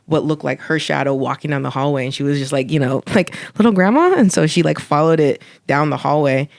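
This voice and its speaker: A woman telling a family ghost story on a podcast in a relaxed, chatty way, full of "like" and "you know". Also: sits low, fairly quick, creaky, dry recording. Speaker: podcast co-host. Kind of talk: casual storytelling chat.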